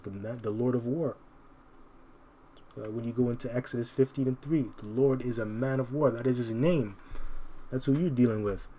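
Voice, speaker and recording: A man delivers fiery, confrontational scripture commentary in a warm, mellow voice at an ordinary pitch. He reads each verse slowly and deliberately, then keeps calling out "man" as he argues. A faint hiss sits under the recording. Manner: combative, repeats "man" constantly. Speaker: Bible teacher.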